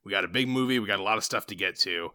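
A man's voice: lowish voice, very fast, pushed and bright, no room sound. A man in casual conversation discussing a film, chatty with many fillers and restarts.

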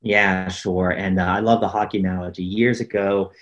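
Low-voiced man telling stories earnestly. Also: moderate pace, highs cut off. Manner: earnest, animated storyteller with many fillers. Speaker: leadership coach, guest. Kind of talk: casual interview storytelling.

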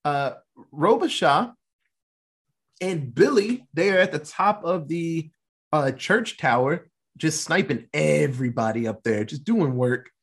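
A man tells a movie plot with big swings in pitch and a husky, breathy tone. He talks animatedly, swears freely and laughs through the retelling as a podcast host. His voice sits fairly high for a man. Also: expressive, measured pace. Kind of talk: casual movie recap.

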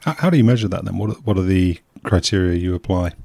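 A man's voice: low voice, quick pace, gravelly, mellow, dry recording, clean studio sound. A man hosting an interview channel, asking questions plainly with the odd hesitation.

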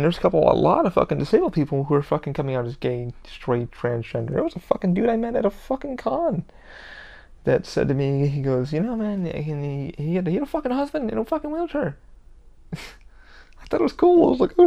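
A man's voice: high voice, gravelly, warm tone, dull audio. A man hosting his own podcast, talking alone in a rambling, emphatic rant full of swearing. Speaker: podcast host. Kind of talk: casual solo podcast rant.

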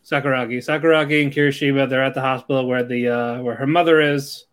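A man co-hosts an anime podcast, trading loose, slangy banter about episodes. He laughs a lot and tosses in mock voices for the characters. His pitch sits in the middle range for a man. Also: fairly even intonation, fast talker. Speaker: podcast co-host. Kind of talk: casual anime recap chat.

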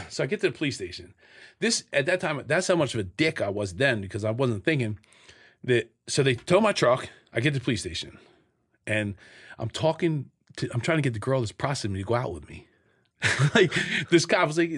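A man's voice: medium pitch, a little fast, breathy edge. A middle-aged man, an interview guest, telling his stories candidly, with profanity and sound effects. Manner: profane, blunt, animated storyteller acting out scenes. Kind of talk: candid storytelling in a sit-down interview.

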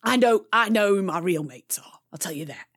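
A woman's voice: deep voice, normal speed, husky. A woman voicing a streetwise male raven, a big brother with a Cockney accent, rambling and dropping "innit". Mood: confiding.

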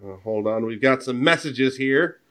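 A man hosts a casual football podcast with a bright, edgy tone. He rambles and jokes, cutting himself off mid-thought. His pitch sits in an ordinary male middle range. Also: normal speed. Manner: rambling, joking, self-interrupting. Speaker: podcast host. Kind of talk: casual sports chat.

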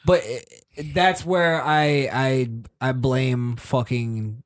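A man with a mid-range voice, trading blunt opinions in a relaxed podcast conversation. He speaks plainly and often pauses to restart a thought. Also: medium pitch. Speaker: podcast co-host. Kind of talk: casual chat.

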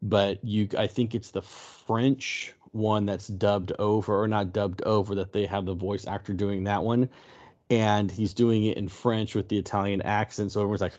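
A man's voice: on the low side, little pitch movement, moderate pace, darkish tone. A man co-hosting a casual podcast chat, rambling with many fillers and restarts. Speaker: podcast co-host. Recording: dull lo-fi sound.

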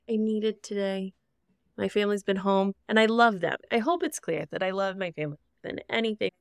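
A woman co-hosting a podcast in casual chat, excitable and animated as she talks. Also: medium pitch, vocal fry, smooth, no echo, clean studio sound. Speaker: podcast co-host.

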